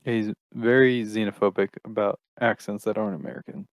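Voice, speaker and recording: Dry, offhand podcast co-host. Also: male voice, fairly low pitch, steady tone, brisk, no room sound. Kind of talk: casual chat and reading news aloud.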